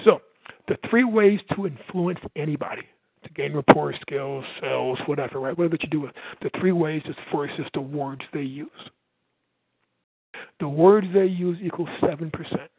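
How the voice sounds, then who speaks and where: Loud, energetic man on a tinny line. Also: fairly high pitch, normal speed, gravelly, husky, no echo. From United States. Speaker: sales coach and podcast host. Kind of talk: motivational talk. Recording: tinny phone-like line, dry.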